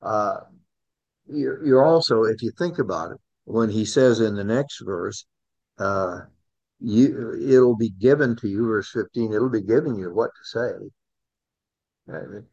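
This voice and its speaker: A man's voice: lowish voice, a little slow, a little mellow. A man teaching a Bible study class in a conversational way, often repeating words and asking the group questions. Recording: dull lo-fi recording.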